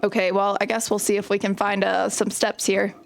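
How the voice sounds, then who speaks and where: A woman's voice: medium pitch, flat delivery, a little fast, vocal fry, a little hiss or hum. A young woman chatting casually and telling stories while she plays a game on stream. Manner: chatty, storytelling while playing. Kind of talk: casual gaming stream chat.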